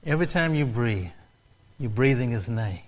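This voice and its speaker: A man's voice: medium pitch, animated, normal speed. A male pastor preaching a sermon, repeating phrases and building to fervent, rising exclamations.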